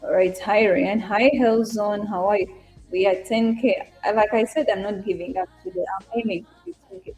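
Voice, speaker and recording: Young East African woman, live-stream host, chatty and direct with her audience, mellow tone. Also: mid-range voice, normal speed, faint music behind. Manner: chatty, greets viewers by name and reads comments aloud. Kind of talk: casual live-stream chat.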